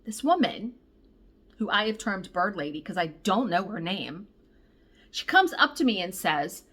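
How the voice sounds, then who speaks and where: A woman cross-stitch vlogger telling a story in a casual, animated, exasperated way, swearing freely. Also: mid-range voice, a little slow, breathy edge.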